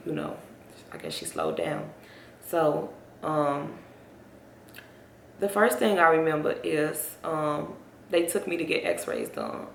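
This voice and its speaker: Young woman rambling through a storytime vlog, raspy fry in her voice, roomy echo. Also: deep voice, wildly swooping pitch, takes it slowly, long pauses, a little hiss or hum. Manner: rambling, addresses viewers directly. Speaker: vlogger.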